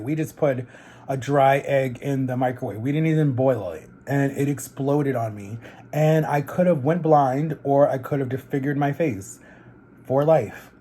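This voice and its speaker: In a casual vlog, a man rambles through a story while eating on camera between lines, packing his speech with "like" and "literally." He speaks at medium pitch with a dark, husky tone.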